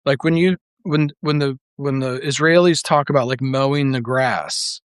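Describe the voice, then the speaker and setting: A man's voice: mid-range voice, normal speed, smooth, no room sound. A man giving a casual monologue as a political commentator, rambling and blunt, full of filler words and restarts. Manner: blunt and profane.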